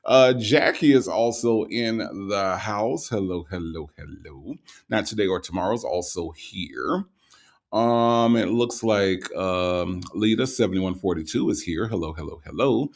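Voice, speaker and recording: A low, gravelly male voice hosts a casual livestream, greeting viewers one by one with easygoing repeated hellos. He sounds a little tired and sprinkles his talk with ums and uhs. There is a rough, creaky edge to his speech. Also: a little slow. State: tired, recovering from the night before. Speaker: livestream host reading viewer chat.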